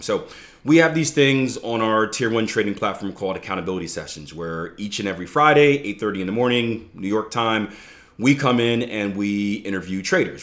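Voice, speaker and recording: A man hosting a trading podcast, explaining ideas in a relaxed, conversational way with playful asides and frequent "right?" checks to the listener. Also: lowish voice. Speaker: trading coach and podcast host. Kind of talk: casual instructional podcast talk.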